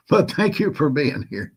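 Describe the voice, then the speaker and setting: A man's voice: on the high side, a bit bright, slightly rough. A man with a Southern accent hosting a casual livestream, greeting viewers by name in a folksy way. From Southern United States. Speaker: host of a prepping livestream.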